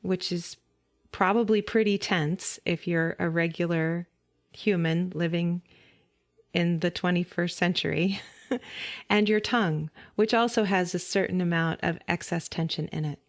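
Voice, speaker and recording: A woman voice teacher gently guiding listeners through a vocal warm-up, giving calm step-by-step instructions with light laughs. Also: lowish voice, unhurried. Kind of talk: guided vocal warm-up lesson.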